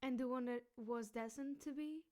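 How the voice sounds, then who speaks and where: A woman's voice: high-pitched, steady tone, moderate pace, dark tone. A woman reacting to a video in casual commentary, gushing and reflective, saying "like" a lot. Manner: gushing, reflective, says "like" often.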